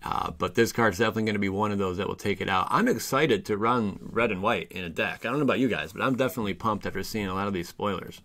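A man hosting a card game channel, excitedly reviewing new card spoilers in a casual way, reading card text aloud and tripping over his words. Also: on the low side, quick pace, few pauses.

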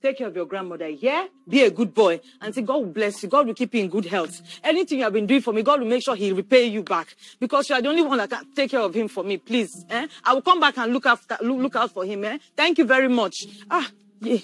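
A woman's voice: on the high side, animated, quick pace, a bit bright, husky. An actress playing a frightened young parent who leaves a grandson with his grandmother, stammering and pleading. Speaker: parent leaving child with grandmother. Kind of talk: film drama acting.

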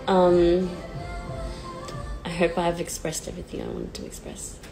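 Woman, 20s, livestream chat, low-ish voice, slow and hesitant, nervous, faint music behind. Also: wildly swooping pitch, vocal fry, low-quality recording. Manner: halting and hesitant, self-deprecating, many fillers. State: nervous and near tears. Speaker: pop singer on a livestream. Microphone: phone. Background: sad song playing faintly.

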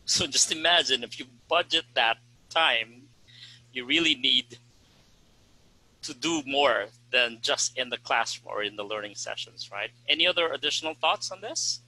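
Bright-voiced man explaining teaching tips. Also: mid-range voice, normal speed, low-quality recording. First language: Tagalog. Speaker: host and ESL teacher. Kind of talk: casual panel discussion.

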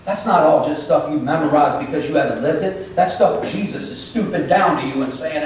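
A man preaching an emotional sermon, swinging between loud pleas and hushed confessions, in a church sanctuary. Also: a little high, fairly quick, hardly any pauses, slight background noise. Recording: echoey church from a distant mic.

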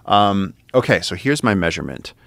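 A man, a podcast guest, excitedly telling an adventure story with lots of fillers, restarts and swearing. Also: sits low, moderate pace, creaky, dry recording. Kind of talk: animated storytelling. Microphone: studio podcast mic.

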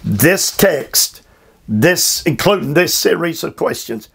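An older man teaching a verse-by-verse Bible study sermon at home, slow and emphatic with drawn-out phrasing and repeated fillers. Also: on the high side, expressive, vocal fry, fairly bright tone, breathy edge. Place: his home.

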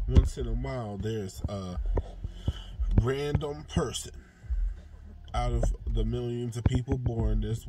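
A man's voice: medium pitch, very noisy. A young man talking earnestly and heartfelt to camera, rambling about his faith in a casual vlog. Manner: drawls softly when relaxed, livelier when engaged. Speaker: vlogger.

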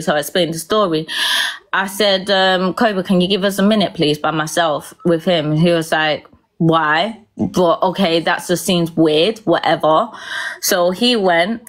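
Woman, lower register, close to tears, recounting a hard experience in loose spoken style. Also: a little slow. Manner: rambling, checks in with frequent "yeah?" and "right?". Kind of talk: emotional personal storytelling.

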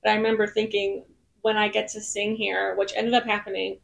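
A woman's voice: mid-range voice, little pitch movement, a little fast, creaky. A woman singer-songwriter as a podcast guest, telling stories in a bubbly, rambling way. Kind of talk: casual podcast chat. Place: in Nashville.

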